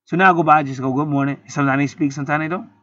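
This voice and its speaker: A man's voice: a little high, fairly even intonation, rapid-fire, a bit bright, dry recording, highs cut off. A man telling a story in a casual, heated monologue, swearing often and rambling with many restarts. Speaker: channel host.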